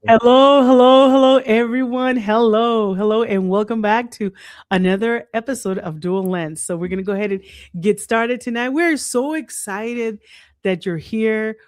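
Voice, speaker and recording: A woman's voice: mid-range voice, moderate pace, dry recording, studio quality. A woman with a Texan accent hosting a podcast in casual chat, upbeat and welcoming, laughing often. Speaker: podcast host.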